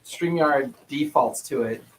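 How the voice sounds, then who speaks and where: A man's voice: mid-range voice, unhurried, slight background noise, poor audio. A man running a tabletop game, patiently explaining dice rules and laughing easily. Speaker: game master. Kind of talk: casual tabletop game talk. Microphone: streaming setup mic.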